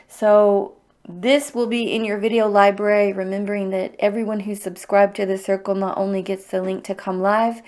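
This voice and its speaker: A middle-aged woman hosting a livestreamed EFT tapping circle, speaking in a heartfelt, openly emotional and encouraging way. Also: medium pitch. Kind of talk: livestream guided tapping talk.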